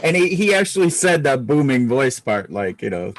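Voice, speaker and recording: A man playing a tabletop game, describing his hero in halting speech with many restarts. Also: mid-range voice, sing-song, low-quality recording. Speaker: player.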